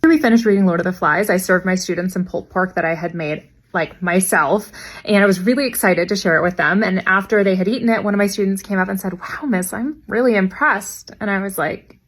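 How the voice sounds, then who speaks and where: A young adult woman, a teacher, telling funny classroom anecdotes in a dry, deadpan way and quoting her students. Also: medium pitch, fast. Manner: deadpan, wry delivery with quoted student voices. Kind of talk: anecdotal storytelling.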